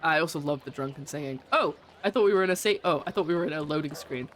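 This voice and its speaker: A woman's voice: deep voice, fast talker, slight background noise. A woman streaming a video game and chatting casually as she plays, giggling often and making fun of herself. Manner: giggly, chatty, self-mocking. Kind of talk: casual let's-play commentary.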